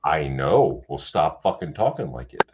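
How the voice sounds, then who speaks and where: Lively swearing man hosting a livestream. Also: a bass voice, normal speed. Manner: swears freely, rambling and animated. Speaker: livestream host. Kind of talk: casual late-night livestream chat. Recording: dull lo-fi stream audio with faint hiss.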